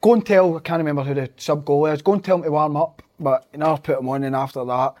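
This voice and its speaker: A man's voice: a little high, fairly even intonation, fast, darkish tone. A Scottish man, a footballer guest, telling stories in casual chat, swearing freely and laughing as he goes.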